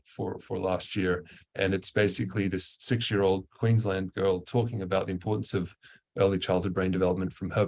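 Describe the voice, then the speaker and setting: Male webinar presenter, low flat delivery, earnest, stop-start phrasing. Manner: earnest, frequent fillers and restarts. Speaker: guest presenter.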